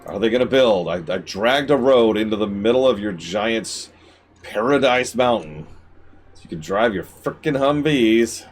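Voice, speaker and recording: A man giving live gameplay commentary as a streamer, talking to the game and swinging between shouted outbursts and low mutters. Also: expressive, normal speed, faint music behind.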